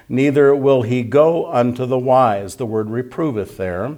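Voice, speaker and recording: A pastor preaching an evening sermon to his church, teaching slowly and repeating key points as he reads scripture aloud. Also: mid-range voice, a little mellow.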